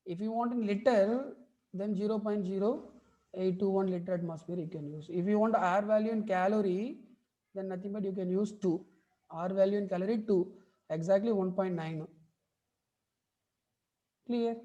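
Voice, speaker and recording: A woman's voice: mid-range voice, steady tone, normal speed, long pauses, warm tone, dull audio. Indian woman teaching chemistry online. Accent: Indian English. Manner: repeats points, keeps checking for understanding. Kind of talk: online class lecture. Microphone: video call mic.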